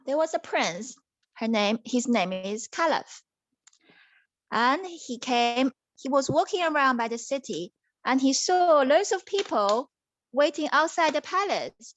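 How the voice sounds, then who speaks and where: A woman telling a story to her young child with puppets, animated, acting out the characters and switching into Mandarin now and then. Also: sits high, dry recording. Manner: animated, acts out voices, mixes in Mandarin.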